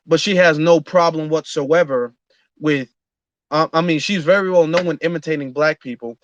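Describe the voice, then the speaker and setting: Guy hosting an online audio room, voice on the higher side, dull lo-fi sound. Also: normal speed, a little hiss or hum. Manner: talks with frequent fillers and restarts, earnest. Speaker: host. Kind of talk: casual monologue.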